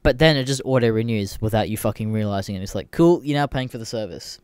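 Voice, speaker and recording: A young man, hosting a solo podcast and ranting with lots of swearing, swinging between grumbling and bursts of shouting. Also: fairly low pitch, quick pace, smooth, dry recording, studio quality. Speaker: podcast host. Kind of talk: casual solo rant.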